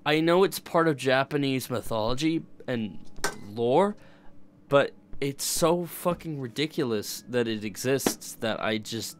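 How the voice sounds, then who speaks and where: A man's voice: mid-range voice, animated, measured pace, a little hiss or hum. A young man streaming and chatting casually, rambling and swearing, often breaking off and restarting his sentences. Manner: rambling, profane, self-interrupting. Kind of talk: casual chat.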